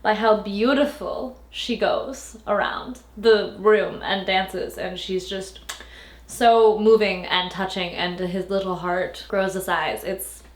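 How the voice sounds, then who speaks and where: A woman's voice: medium pitch, fairly even intonation, slow. A young woman reviewing a book in a casual, rambling, playful way, full of filler words. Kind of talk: casual chat. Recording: roomy echo.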